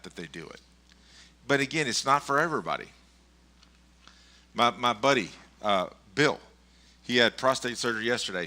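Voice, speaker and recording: Man, middle-aged, pastor, conversational sermon, very bright sharp voice, rambling with restarts. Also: medium pitch. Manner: rambling, chuckling storyteller with many restarts.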